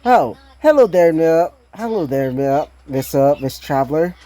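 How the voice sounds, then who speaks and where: Boastful young bard, read by a woman, theatrical, swooping low voice. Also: expressive, a little slow, dark tone. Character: showy young male bard, boastful and playful.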